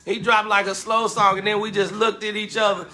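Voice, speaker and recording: A man casually telling a lively, slangy story about his club days and acting out the quotes. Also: high voice, a little fast. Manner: animated, slangy, acts out quotes with laughter.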